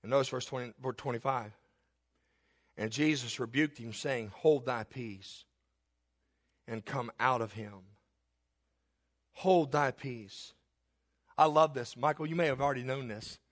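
A middle-aged pastor preaches with hammering repetition and folksy jokes tossed in between points. His voice sits high and rings bright and forceful. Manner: emphatic, repetitive, joking asides. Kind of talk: sermon.

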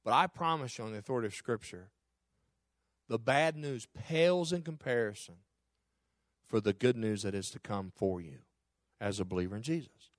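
A man's voice: mid-range voice, normal speed, long pauses, no echo, studio quality. A middle-aged man, a pastor preaching a sermon with impassioned, repetitive phrasing.

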